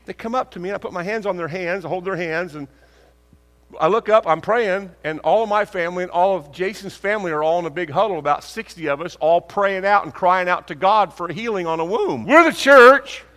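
A man preaching a sermon, telling stories and acting out conversations, asking rhetorical questions with lively emphasis. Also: sits high, fairly quick. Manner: animated, acts out dialogue, rhetorical questions. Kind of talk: sermon with storytelling. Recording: long hall reverb.

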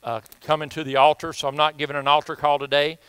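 A man's voice: fairly high pitch, level tone, fast, fairly bright tone, clean tone, dry recording. A man preaching a sermon in church, telling folksy stories and reading scripture with emphasis. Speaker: pastor. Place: church sanctuary.

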